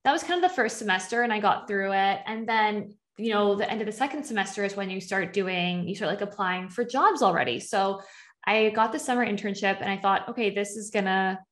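A young woman talks as a podcast guest, her voice sitting at an ordinary middle pitch. She tells her story in a loose, chatty way, with plenty of "like" and quick asides where she voices what she was thinking back then. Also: a bit bright. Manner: chatty, heavy use of "like", acts out her own past thoughts. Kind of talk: conversational storytelling.

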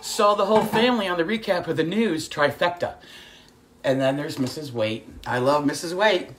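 A woman's voice: low-pitched, moderate pace. Woman cooking host, casual kitchen livestream, talkative storyteller who calls the audience kids, faint noise in the room. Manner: chatty storyteller, greets viewers by name, calls audience kids. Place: home kitchen.

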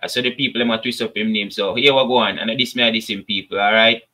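A Jamaican man talks straight to his viewers in easy patois, running a casual commentary show. His voice is bright and forceful, with plenty of push behind it. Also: fairly low pitch, steady tone, quick pace. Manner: chatty, addresses viewers as people, patois asides. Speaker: commentary channel host.

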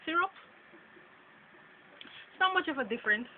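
Doing an accent tag, a vlogger from Jamaica reads through a word list in her Jamaican accent, chatting casually about each pronunciation and laughing between words. She sounds animated, mid-range and moderately paced, over tinny, phone-like audio with a little background noise.

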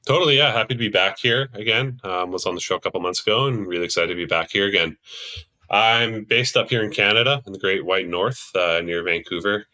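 A man's voice: low voice, bright, forceful tone, no room sound. A man who is a podcast guest, walking through market data in casual discussion, upbeat, with frequent ums. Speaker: podcast guest, macro and crypto analyst.

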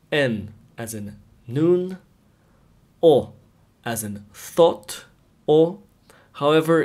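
A man giving an alphabet pronunciation lesson, carefully sounding out each letter one by one. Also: medium pitch. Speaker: language teacher.

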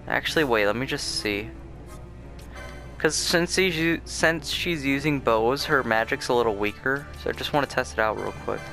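A sleepy, yawning young man hosts a let's play, offering casual gameplay commentary full of fillers and restarted sentences as he rambles and chats. His bright, forward voice is in an ordinary middle range, with faint game music underneath.

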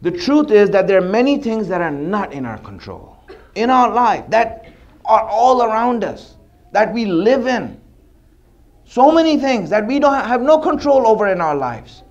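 High-voiced man giving a sermon. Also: big pitch swings, moderate pace, lo-fi sound. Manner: repetitive, conversational storytelling. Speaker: religious speaker. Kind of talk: sermon with storytelling.

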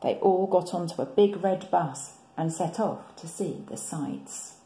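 Woman, primary teacher, storybook read-aloud, gentle, expressive, mellow, roomy echo. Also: on the low side, a little slow. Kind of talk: reading a picture book aloud.

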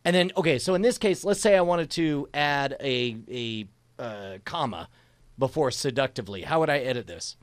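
Podcast host guy, chatty n excitable, voice bounces all over, dry close sound. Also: mid-range voice, normal speed, no echo. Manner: chatty and excitable, laughs often. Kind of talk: casual chat while testing dictation software.

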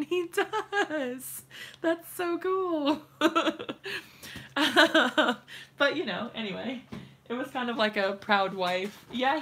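Young woman, craft livestream host, chatty and giggly, slow delivery, some vocal fry. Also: mid-range voice, pushed and bright. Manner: giggly, chatty, laughs often. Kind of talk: casual live-stream chat while crafting.

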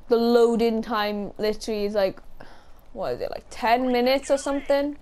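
A woman's voice: a little high, steady tone, normal speed, darkish tone. A young woman giving casual, sweary commentary while playing a shooter game, laughing often and shrieking now and then. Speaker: gaming YouTuber.

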